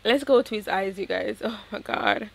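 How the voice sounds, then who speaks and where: A woman giving chatty, excitable commentary to her viewers as she plays a life-sim game, a gaming YouTuber talking casually to her audience. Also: medium pitch, moderate pace, creaky.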